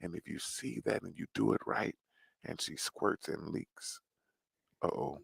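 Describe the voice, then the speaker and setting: A smooth, seductive late-night radio voice, as a man puts it on for a laugh, sinking deep and low into a husky, gravelly hush. The words come slow and drawn out. The sound is dry and close. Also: dry recording, heavily acted. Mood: sultry. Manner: slow hushed sultry murmur. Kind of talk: joking put-on voice on a podcast.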